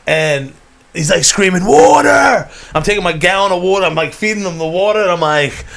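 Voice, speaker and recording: A young man tells a long rambling story to a friend on his podcast. His voice sits high for a man, and he laughs and swears his way through the tale. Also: fast, gravelly, a bit bright. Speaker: podcast host. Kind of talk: casual storytelling chat.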